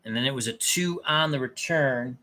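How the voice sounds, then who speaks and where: A man's voice: medium pitch, normal speed, pushed and bright. A man casually thinking aloud as he plays a tabletop dice game, often muttering and correcting himself. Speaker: tabletop game player and channel host.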